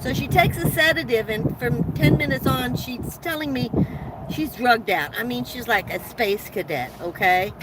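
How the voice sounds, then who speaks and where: Chatty woman with a higher voice. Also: moderate pace, heavy background noise. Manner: chatty, rambling storytelling with frequent restarts and laughs. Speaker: livestream host. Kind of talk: casual live chat with viewers. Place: inside a parked van.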